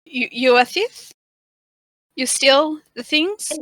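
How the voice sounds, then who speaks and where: A woman voicing a priestess who speaks slowly in broken grammar with a wobbly put-on accent, recruiting a thief. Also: high voice, expressive, fairly bright tone, no echo, full character voice, poor audio. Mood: probing. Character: slow, halting priestess recruiting a thief, vaguely threatening.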